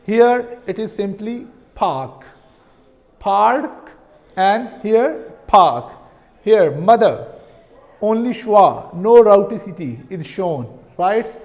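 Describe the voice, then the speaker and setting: Pakistani guy teaching a lesson, high-ish voice, slow and careful, keeps saying right?, echoey room. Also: animated, warm tone. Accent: Pakistani English. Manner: explanatory, repeats words and checks with "right?". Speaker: linguistics teacher. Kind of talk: recorded lecture.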